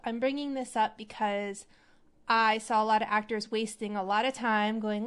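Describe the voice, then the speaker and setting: A woman hosting an acting advice show, talking in a chatty, animated way. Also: a little high, clean tone. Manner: chatty, animated, demonstrates voices. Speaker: podcast host.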